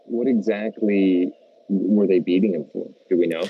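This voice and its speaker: A man's voice: low-pitched, fairly even intonation, normal speed, phone-quality sound, slight background noise. A young American man co-hosting a casual podcast, laid-back and saying "dude" a lot. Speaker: podcast co-host.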